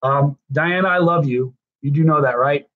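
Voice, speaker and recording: A man's voice: fairly high pitch, moderate pace. A tired man hosting a livestream, rambling and effusive as he thanks his viewers one by one. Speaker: livestream host. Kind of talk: casual livestream chat. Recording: dull lo-fi stream audio.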